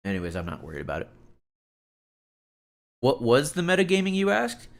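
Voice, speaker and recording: A man chatting casually on a live stream, rambling and exasperated, with lots of "like" fillers as he tells stories and reacts. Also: on the low side.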